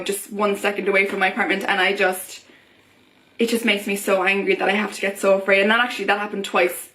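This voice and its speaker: Speaking to camera in a personal vent, this young vlogger sounds impassioned and heated. Her voice is medium in pitch and a little bright, and she frequently begins sentences over.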